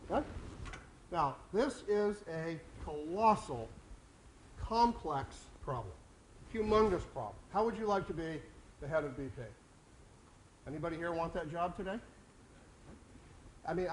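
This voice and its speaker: A man giving a conversational conference talk on leadership to a live audience, energetic and full of questions. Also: fairly high pitch, slight background noise. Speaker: speaker on leadership.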